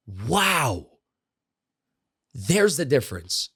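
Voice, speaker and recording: A man who trains salespeople, a podcast guest telling stories in a lively way and using many casual fillers. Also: mid-range voice, brisk, no echo, clean studio sound. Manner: animated storyteller, frequent "like" and "you know" fillers. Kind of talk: conversational storytelling interview.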